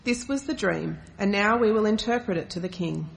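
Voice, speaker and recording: A woman reading a scripture passage aloud at a steady, measured pace. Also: mid-range voice, vocal fry. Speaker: scripture reader.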